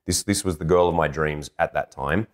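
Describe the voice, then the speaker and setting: Deep-voiced man telling a self-deprecating story. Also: fairly quick. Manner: animated, self-deprecating, acts out dialogue. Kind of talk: anecdotal storytelling.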